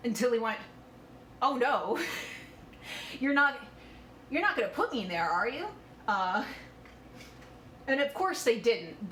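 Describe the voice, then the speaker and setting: A woman's voice: on the high side, a bit bright, a little hiss or hum. Chatty, swearing woman in an echoey kitchen. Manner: chatty, swearing, laughing asides, baby-talk to pets. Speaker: cooking streamer. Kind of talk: casual chat while cooking. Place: home kitchen.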